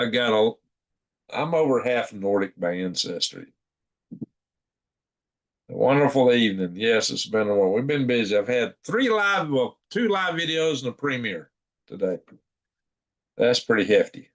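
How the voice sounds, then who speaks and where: A sleepy man, hosting a casual late-night livestream, chuckling and reading chat aloud in a folksy drawl. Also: medium pitch. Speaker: livestream host.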